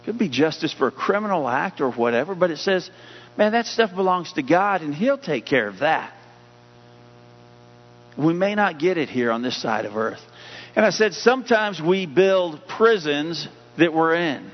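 A male pastor preaches in a somewhat high voice, lifting his delivery when he reads scripture aloud. The sound is dull and hum-laden, with a long reverb trailing off the walls of a large room. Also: lively intonation, moderate pace. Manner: preaching with rising emphasis on scripture readings. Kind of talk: sermon.

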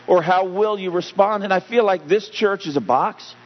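A man preaching a sermon as pastor, animated, getting louder and slower to stress his points. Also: high-pitched. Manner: animated preaching, rising loud and slowing for emphasis. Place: church sanctuary. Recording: dull, humming church hall recording.

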